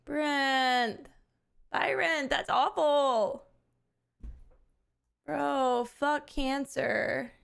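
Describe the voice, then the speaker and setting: A woman live streamer talking with her chat in a relaxed, unscripted way. Her voice sits a little on the high side, and she is animated and candid, laughing often and swearing without a second thought. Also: extremely slow, vocal fry, long pauses. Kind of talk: casual chat with viewers.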